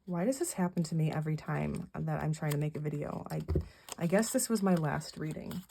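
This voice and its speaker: A woman's voice: deep voice, lively intonation, fairly quick, gravelly, mellow, slight background noise. A middle-aged woman, rambling through a casual monthly recap vlog with lots of fillers and restarts. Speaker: vlogger.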